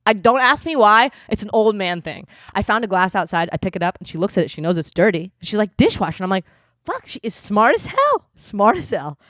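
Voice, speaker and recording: A woman's voice: mid-range voice, fast, hardly any pauses, fairly bright tone, no room sound, clean studio sound. A young woman co-hosting a podcast in casual chat, blunt and teasing, swearing freely. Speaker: podcast co-host.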